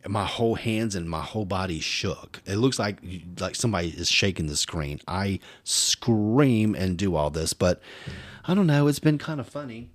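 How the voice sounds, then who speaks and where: A man, co-hosting a podcast and telling animated stories, acting out voices as he goes. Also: fairly low pitch, moderate pace, dry recording. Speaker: podcast co-host. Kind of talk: casual storytelling chat.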